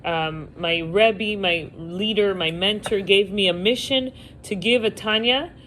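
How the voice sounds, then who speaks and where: A woman's voice: mid-range voice, measured pace, a bit bright, slight background noise, close to an everyday voice, poor audio. Woman voicing an earnest pleading male rabbi. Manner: pleading, insistent.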